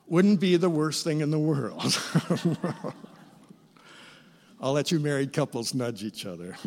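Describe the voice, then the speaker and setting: A middle-aged man preaching a sermon as pastor, with expressive, theatrical emphasis. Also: a little high. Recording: reverberant church hall.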